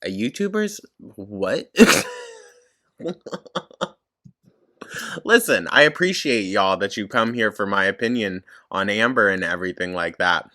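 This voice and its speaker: A blunt reaction host who talks slowly and deliberately, with a bright, sharp edge to the voice. The pitch swings widely as the speaker drifts between mockery and disbelief, swearing freely along the way. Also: expressive. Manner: sarcastic, frequent swearing and laughter. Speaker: commentary YouTuber host. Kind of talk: reaction commentary.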